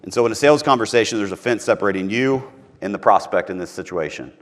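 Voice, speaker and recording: A man's voice: lowish voice, fast. A man from Missouri giving a live sales training talk to a room, emphatic and repeating his key points.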